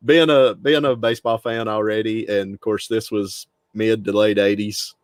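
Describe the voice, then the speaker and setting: Middle-aged Tennessee man, low Southern drawl, relaxed storyteller, dry sound. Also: moderate pace, no room sound. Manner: easygoing storyteller who laughs a lot. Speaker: guest. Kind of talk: casual interview talk.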